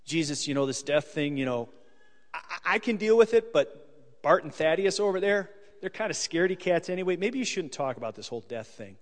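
An impulsive, eager fisherman disciple rattles off his ideas in breezy modern slang, acted out by a man mid-sermon. The voice sits a little high. A long reverb trails behind it. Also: brisk, natural voice. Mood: hushed coaxing. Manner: animated, chatty modern slang.

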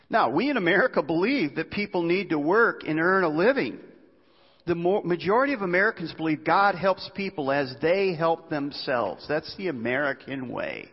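A male preacher with a slightly rough, expressive voice on the high side delivers a sermon at a moderate pace. He tells stories conversationally and poses rhetorical questions to listeners, recorded with long hall reverb and a dull sound.

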